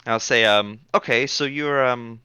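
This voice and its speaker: A man playing in a tabletop game, chatty and quick to laugh. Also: mid-range voice, sharp tone, smooth, dry recording, highs cut off. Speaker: player.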